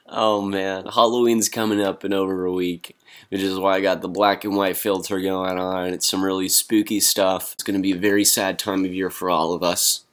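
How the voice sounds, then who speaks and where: Young male vlogger, low voice, dry deadpan delivery with hesitations. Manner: deadpan, halting with fillers. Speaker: comedy vlogger. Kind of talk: deadpan comedy monologue.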